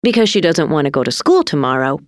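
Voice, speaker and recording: A woman voicing an odd, cruel little boy with a flat, deadpan delivery. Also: low-pitched, fast talker, dry recording, clean studio sound.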